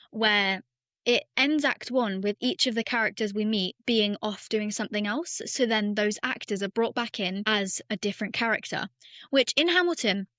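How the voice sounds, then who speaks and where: A woman co-hosting a podcast, explaining things in a steady, enthusiastic casual chat. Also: on the high side, no room sound. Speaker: podcast co-host.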